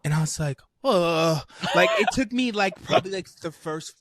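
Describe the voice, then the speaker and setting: A young man co-hosting a casual podcast chat, easygoing and quick to laugh and agree. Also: sits high, lively intonation, fairly bright tone, no room sound, studio quality. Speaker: podcast co-host.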